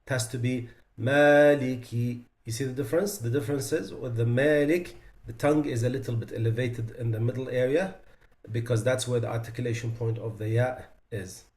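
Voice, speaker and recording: A man teaching Quran recitation, explaining pronunciation mistakes and slowly demonstrating the right and wrong sounds. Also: medium pitch, darkish tone. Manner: demonstrates pronunciations slowly and with emphasis, then explains in plain speech. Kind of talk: tajweed lesson. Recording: echoey room.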